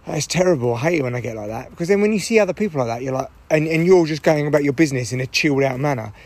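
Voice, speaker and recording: A middle-aged man with a hoarse voice, chatting in a rambling, irritable way and swearing freely on a solo podcast recorded in a parked car. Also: fairly high pitch, racing, a little mellow. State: hoarse from shouting. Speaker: podcast host.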